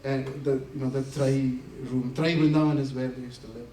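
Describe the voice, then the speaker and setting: Speaking briskly at medium pitch, a man gives an animated talk at a community center, acting out quotes and laughing frequently through his anecdotes. The invited speaker is captured from afar in a roomy hall, with faint ambience and slight background noise.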